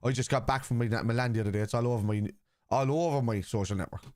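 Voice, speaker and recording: A man's voice: mid-range voice, quick pace, darkish tone, no echo. Blunt man, dry close mic. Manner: blunt, combative with chat, reads comments aloud. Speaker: football watchalong host. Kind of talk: casual live-stream chat.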